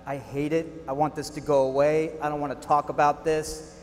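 A man's voice: fairly high pitch, flat delivery, brisk, a little hiss or hum, close to an everyday voice. Male actor: defensive well-meaning guy, pleads and repeats, reverberant hall. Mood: repentant. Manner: flustered, pleading, repeats himself. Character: defensive, well-meaning man called Bartimaeus. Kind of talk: church skit acting.

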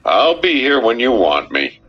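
A man's voice: mid-range voice, very animated, measured pace, pitched above the performer's own voice. A male narrator voicing a defiant young man who turns himself in, giving curt, unflinching answers. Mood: heated defiant. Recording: dull, muffled recording with faint music.

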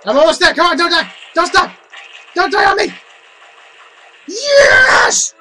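A player giving casual commentary while playing a shooting game, muttering at setbacks and bursting into triumphant shouts. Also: very high-pitched, very animated, a little fast, very noisy.

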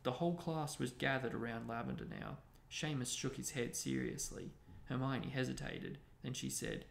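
A man hosting a book discussion, narrating a novel aloud in a steady reading voice. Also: mid-range voice, moderate pace, creaky, hardly any pauses. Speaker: host and book reader. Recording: echoey room, faint noise.

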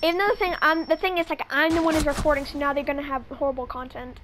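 A woman gaming YouTuber in casual, quick, teasing banter, sometimes impatient. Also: sits high, steady tone, slight background noise.

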